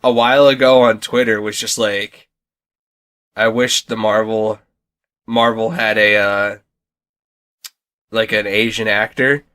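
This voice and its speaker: A man's voice: on the low side, little pitch movement, takes it slowly, long pauses, sharp tone. A young man co-hosting a podcast in casual chat, rambling with many fillers and restarts. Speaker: podcast co-host.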